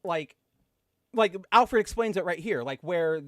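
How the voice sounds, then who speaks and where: A man co-hosting a podcast, chatting casually and excitedly, full of fillers and gushing asides. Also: high voice, unhurried, no echo, studio quality. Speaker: podcast co-host. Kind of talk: casual comic book chat.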